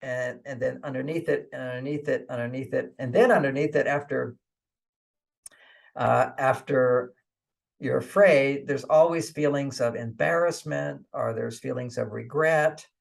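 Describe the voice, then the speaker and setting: Male guest author, gravelly mid-pitched voice, chatty advice giver who chuckles and repeats "okay". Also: measured pace. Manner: chuckles often, repeats points and says 'okay'; acts out inner voices in quotes. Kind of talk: conversational advice in an interview.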